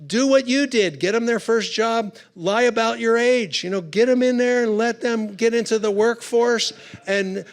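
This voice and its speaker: A man giving a humorous storytelling talk at a conference. His voice sits high for a man, with a gravelly, creaky texture. He talks in a chatty way, full of quick asides. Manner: chatty, conversational, punchy asides. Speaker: conference speaker. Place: conference hall.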